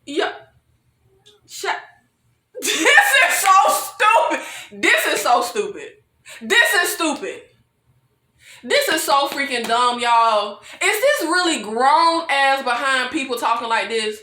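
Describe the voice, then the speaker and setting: A woman's voice: sits high, very animated, slow, pauses often, sharp tone, echoey room. A woman vlogger recapping a TV episode in a casual, exasperated rant, calling her viewers "y'all", swearing and laughing between lines. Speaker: TV review vlogger.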